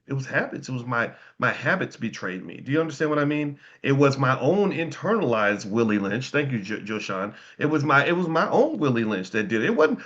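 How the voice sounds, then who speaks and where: A man's voice: mid-range voice, fairly bright tone, dull audio. A man hosting a casual motivational commentary, speaking emphatically, often restarting his words and firing rhetorical questions at his listeners. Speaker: host.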